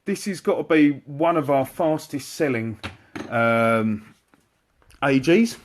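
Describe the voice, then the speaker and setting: A man, an airsoft shop owner, chatting casually and excitably to viewers on a live stream from inside his shop. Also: on the high side. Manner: chatty, excitable, jokey, addresses viewers directly.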